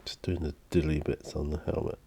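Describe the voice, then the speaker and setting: A middle-aged man chatting casually while painting miniatures, soft-spoken and rambling with many fillers. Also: very deep voice, little pitch movement, fairly quick, breathy edge. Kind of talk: relaxed paint-along chat.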